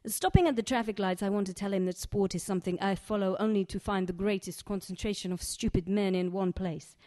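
A worldly Egyptian woman, voiced by a female poet, speaks with an Egyptian accent. Her delivery is dry, sardonic and unhurried in a spoken-word performance. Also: mid-range voice, a little mellow, natural voice.

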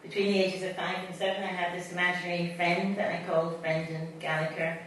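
A woman's voice: fairly low pitch, level tone, brisk, a little hiss or hum. A Scottish woman poet reading her poems to a live audience, with chatty asides between them. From Scotland. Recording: distant mic in an echoey hall.

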